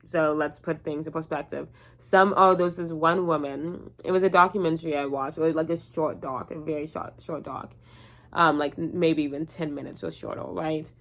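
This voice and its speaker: Young woman vlogger, low-ish voice, sleepy and rambling, swears casually. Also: normal speed, fairly bright tone. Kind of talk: casual rant to camera.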